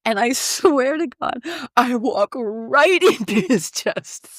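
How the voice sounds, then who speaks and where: Lively woman telling a story, dry sound. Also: on the high side, slow pace, no room sound. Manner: lively, laughs often mid-sentence, acts out her own reactions. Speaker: guest, vocal artist and crystal healer. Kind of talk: animated storytelling in an interview. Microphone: podcast microphone.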